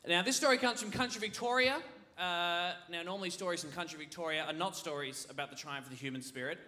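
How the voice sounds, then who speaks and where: High-voiced comedian on stage. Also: male voice, fast, a little hiss or hum. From Australia. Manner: animated, swings from low storytelling to shouted punchlines. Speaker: stand-up comedian. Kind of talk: stand-up comedy set. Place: large theatre stage, laughing audience behind. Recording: live theatre recording with crowd.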